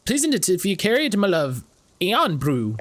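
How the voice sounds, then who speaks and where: A man's voice: high voice, wildly swooping pitch, normal speed, a little hiss or hum. A man putting on a quaint Scottish-voiced traveler woman. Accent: put-on Scottish. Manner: archaic, garbled phrasing. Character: odd-spoken traveling woman tea customer.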